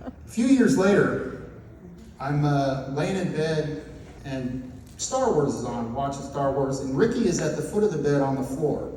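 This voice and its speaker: Here a man delivers a sermon built around a story, his voice on the high side and his pace measured. He animates the tale by voicing the people in it himself, though the recording catches him from a distance in a noisy, echoing room.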